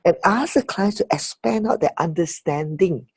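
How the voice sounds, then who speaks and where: A woman facilitating a coaching course, leading a group feedback discussion on a video call in an animated, affirming way. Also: fairly low pitch, normal speed, breathy edge, dry recording. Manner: animated, affirming, laughs often.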